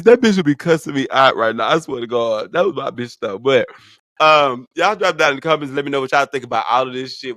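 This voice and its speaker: A young adult man hosting a casual vlog, telling a story in a profane, animated way. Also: mid-range voice, no echo, studio quality. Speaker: vlog host.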